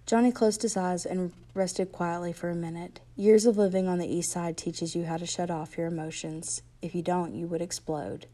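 A woman reading a novel aloud to a class in steady first-person narration, then pausing hesitantly to comment on it. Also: fairly low pitch.

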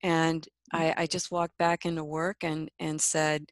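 A woman guest telling a personal story in an interview, reflective and soft-spoken, often laughing. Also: sits low, flat delivery, unhurried, few pauses, no echo.

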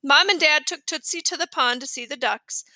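A woman reading a children's chapter book aloud in a clear, expressive storytelling manner. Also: high-pitched, normal speed, dry recording. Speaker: audiobook reader.

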